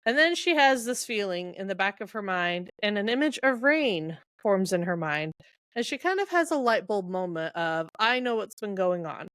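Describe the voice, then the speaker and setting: A woman's voice: medium pitch, big pitch swings, normal speed, fairly bright tone, dry recording, clean studio sound. A woman hosting a podcast, casually retelling book scenes, reading dialogue aloud and laughing often. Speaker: podcast host. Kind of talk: casual book-recap chat.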